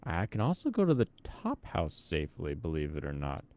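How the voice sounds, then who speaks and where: A man's voice: rumbling low, wildly swooping pitch, brisk, darkish tone. A young man from the Pacific Northwest giving casual commentary while playing a game, thinking aloud and chatting with viewers. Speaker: streamer.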